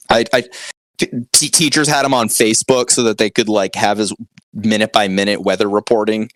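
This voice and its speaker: A man's voice: brisk, a bit bright, no echo. A young man co-hosting a podcast, swearing constantly and launching into mock-angry rants at his listeners. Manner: profane, mock-angry rants with big pitch swings. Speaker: podcast co-host. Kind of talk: crude comedic podcast banter.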